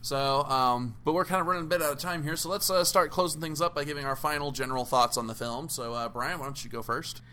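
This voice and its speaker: A man's voice: fairly high pitch, quick pace, hardly any pauses, pushed and bright, a little hiss or hum. A man hosting a casual film podcast, asking thoughtful questions and steering the talk, with frequent fillers. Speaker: podcast host.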